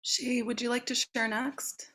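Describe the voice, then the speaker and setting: A woman hosting a video call, slowly thanking each speaker and passing the turn to the next. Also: a little high, little pitch movement. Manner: warm, slow, thankful. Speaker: host.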